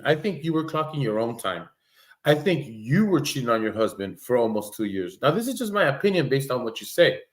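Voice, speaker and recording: A man doing casual livestream commentary, blunt and rambling, swearing freely and restarting his sentences. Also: on the high side.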